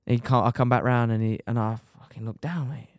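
A young man, a motorcycle racer telling his injury story on a podcast in lively, casual talk, swearing and dropping "mate" often. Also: mid-range voice, fast talker, smooth, no echo, studio quality.

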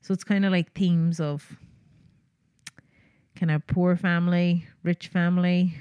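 A young woman co-hosts a podcast in relaxed, casual chat. She chats on freely, laughs often and lets sentences trail off. Her voice sits a bit low and is recorded close and dry, with no room sound. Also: a little slow, clear, resonant tone, dry recording. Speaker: podcast co-host.

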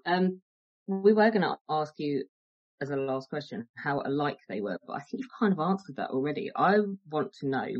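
Husky low woman, dull lo-fi sound. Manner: friendly and playful questioning. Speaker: podcast host. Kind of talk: conversational podcast interview.

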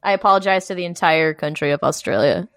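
A woman's voice: fairly low pitch, quick pace, a bit bright, dry recording. Giggly woman podcast co-host, dry close mic. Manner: giggly, gushing. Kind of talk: casual chat.

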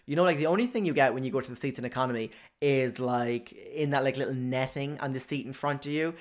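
A brash young man doing stand-up storytelling, swearing freely and blowing everything out of proportion. His voice sits at an average pitch for a man, and he keeps throwing in chatty asides to the audience. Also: fast. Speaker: stand-up comedian.

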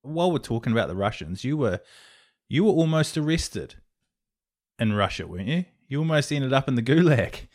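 A man's voice: medium pitch, big pitch swings, fairly quick. A man hosting an interview, asking curious, conversational questions. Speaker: interviewer, host.

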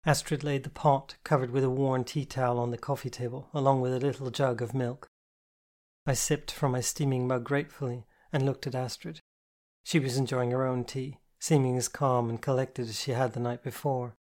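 A man narrating a novel in the first person, with measured, expressive storytelling. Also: mid-range voice. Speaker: audiobook narrator.

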